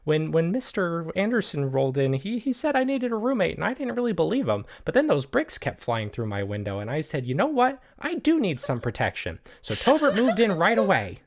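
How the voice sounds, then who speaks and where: Man putting on a shrill jittery roommate, high squeaky voice, rambling. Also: wildly swooping pitch, brisk, few pauses, full character voice. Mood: nervous rambling.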